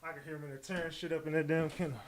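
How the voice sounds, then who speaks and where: A man's voice: on the high side, very fast, slight background noise. Profane New York man on a livestream. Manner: profane, animated, talks to chat. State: out of breath. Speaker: livestream commentator. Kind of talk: casual live commentary reading trial updates.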